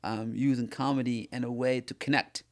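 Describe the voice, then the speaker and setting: A young comedian, chatting on a podcast. He tells stories animatedly, breaking into laughter and restarting his phrases. His pitch sits mid-range for a man. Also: steady tone, normal speed. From Sudan. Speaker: comedian co-host. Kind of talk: casual podcast chat.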